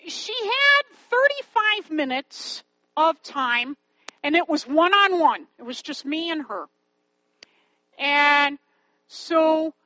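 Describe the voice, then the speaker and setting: A woman's voice: sits high, a bit bright, dry recording, low-quality recording. A woman telling a faith-based story in an earnest, pleading way, with rhetorical questions to her listeners. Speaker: Christian storyteller and Bible memory helper.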